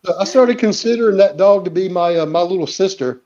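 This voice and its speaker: A man's voice: high voice, fairly quick, darkish tone, muffled recording. A man hosting a casual livestream, telling rambling family anecdotes and quoting people in his own voice. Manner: rambling anecdotes with acted quotes. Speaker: livestream host. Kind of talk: casual storytelling chat. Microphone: livestream call.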